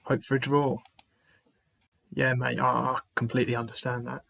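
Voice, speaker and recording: A man's voice: mid-range voice, little pitch movement, moderate pace, gravelly, a bit bright, dry recording. A man hosting a live football watchalong stream, chatting to viewers in the chat by name, sighing often and restarting his phrases. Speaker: livestream host. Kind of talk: live match watchalong commentary.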